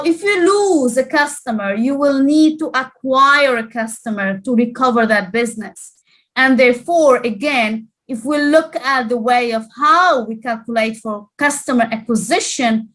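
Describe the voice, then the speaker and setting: Fast-talking woman giving a cyber risk talk. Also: fairly high pitch, a bit bright. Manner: fast-paced, explanatory with many asides. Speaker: cybersecurity speaker. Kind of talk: presentation talk.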